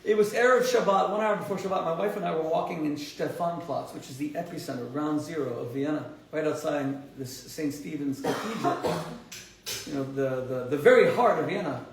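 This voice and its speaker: A man with a fairly high voice hosts his own show as a rabbi, telling stories with fervent emphasis. He trips and restarts often, and his pitch jumps when he drives a point home. He sits back from the microphone in a strongly reverberant room, with faint noise underneath. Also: fairly quick, recorded from a distance. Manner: animated, emphatic, rises sharply in pitch when stressing points, frequent restarts. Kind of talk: impassioned storytelling monologue.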